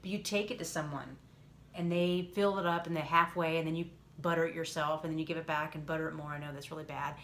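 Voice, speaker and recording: A woman with a lowish voice talks in a loose, rambling way and keeps stopping to correct herself. She sounds relaxed and chatty. A faint hum of room noise sits behind her. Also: fast talker. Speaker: podcast co-host. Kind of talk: casual chat.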